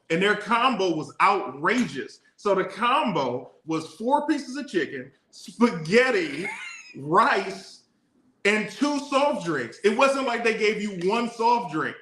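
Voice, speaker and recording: A man co-hosting a relationship podcast, playfully defending himself and telling animated stories. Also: high voice, unhurried. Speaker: podcast co-host. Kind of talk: casual couple banter. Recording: echoey room.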